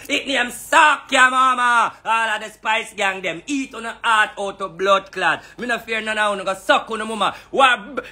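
A man's voice: high voice, bright, forceful tone. A man with a Jamaican accent delivering a heated, profane rant in patois, full of repeated taunts. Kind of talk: angry ranting monologue.

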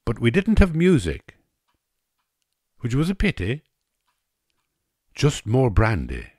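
An Irish man telling a wry story in an unhurried narration. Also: mid-range voice, huge pitch swings, darkish tone, breathy edge, no echo, studio quality. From Ireland.

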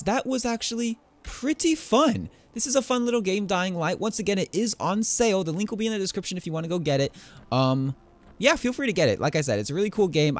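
Playful young gaming YouTuber, lively pitch. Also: male voice. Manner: playful, talks to the enemies he fights. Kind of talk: casual gameplay commentary.

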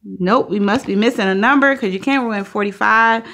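A woman's voice: mid-range voice, normal speed. Cheering woman hosting a scratch-off video. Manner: upbeat, bursts into loud cheers. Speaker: channel co-host. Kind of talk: casual lottery scratch-off commentary.

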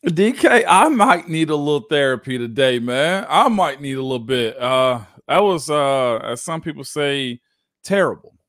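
A man with a Southern American accent co-hosting a casual sports talk show, joking and laid-back with drawn-out phrasing. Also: medium pitch, lively intonation, fairly bright tone, no room sound, studio quality. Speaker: co-host, former football guard. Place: remote studio.

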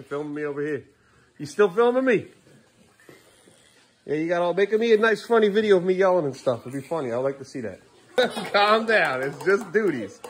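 Male dad vlogger, pitch on the high side, casual home vlog, exasperated, rambling, scolding tone. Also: slightly rough. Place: family home living room.

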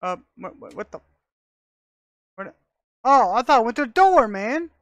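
A woman giving casual, excitable commentary as she plays a video game, talking to herself and laughing often, recorded on a close mic. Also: fairly high pitch, normal speed, dry recording. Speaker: gamer.

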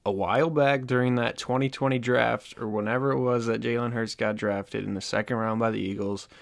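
Man, casual vlog talk to camera, conversational, candid, self-deprecating, medium pitch. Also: steady tone, a little fast, creaky, no room sound, clean studio sound. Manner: conversational, addressing viewers directly. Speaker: sports fan vlogger.

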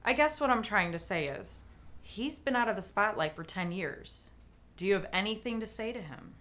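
An actress playing a deadpan entertainment reporter who narrates and interviews in a mockumentary. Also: female voice, mid-range voice, normal speed, natural voice. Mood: dry. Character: female entertainment reporter, dry and exasperated. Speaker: documentary interviewer.

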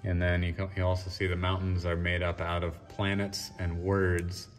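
A man giving a relaxed, rambling tour of his paintings in a gallery, with an Australian and New Zealand mix of accent. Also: low voice, normal speed. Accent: mixed Australian and New Zealand. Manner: relaxed, musing, with fillers and restarts. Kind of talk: casual walk-and-talk. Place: historic house gallery, indoors. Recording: roomy and distant, faint music behind.

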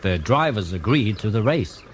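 A man's voice: lowish voice, normal speed, a little hiss or hum. A man narrating a children's railway storybook. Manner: lively, expressive storytelling. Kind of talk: storybook reading. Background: music.

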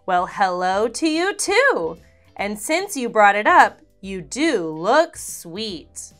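Slow, teasing fox for a kids' storybook, as a woman puts him on, lower than her own voice. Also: sing-song, fairly bright tone, soft background music. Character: sly friendly fox, grown male, easygoing.

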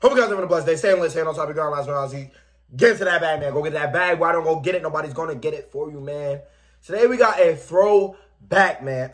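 A man's voice: fairly high pitch, a little fast, fairly bright tone. A man hosting a music reaction video, chatting casually, calling everyone "man" and "bro" and rapping along with the track. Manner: laid-back, says "man" and "bro" constantly, raps along with the track. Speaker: reaction channel host.

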